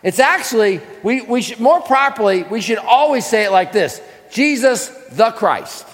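In a large hall, a man with a high, animated voice teaches scripture like a sermon at a normal pace. This preacher leading a class keeps posing questions to the audience and supplying the answers himself.

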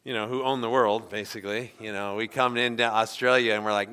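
A man's voice: lowish voice, fairly even intonation, brisk, hardly any pauses, sharp tone, clean tone. A man from the United States preaching a sermon in a conversational way, often asking the congregation questions. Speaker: pastor. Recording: long hall reverb.

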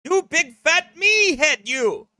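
A man putting on a whiny, crying man-child who throws a shrill, sobbing tantrum over Christmas candy. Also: animated, slow pace, bright, forceful tone, no room sound, clean studio sound, exaggerated voice. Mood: whining tantrum.

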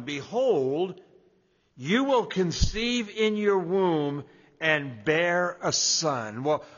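A man preaching a sermon as pastor, repeating key phrases for emphasis and building from quiet reflection to emphatic preaching. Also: high-pitched, in a large hall, muffled recording.

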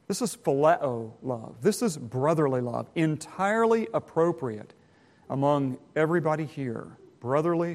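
Man with a fairly high voice, teacher giving a folksy sermon to students, halting, self-deprecating. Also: darkish tone.

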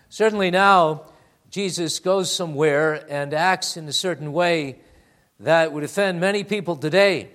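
A man preaching a sermon, reading scripture aloud with slow, stressed phrasing and calling his listeners beloved. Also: on the high side, a bit bright. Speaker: pastor.

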